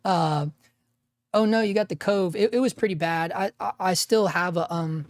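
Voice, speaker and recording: Gravelly-voiced man chatting on a livestream. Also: high voice, moderate pace, no room sound, clean studio sound. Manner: rambling, restarts, drops "man" and "dude". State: gravelly voice after an illness. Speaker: livestream host and freelance videographer. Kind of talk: casual livestream chat.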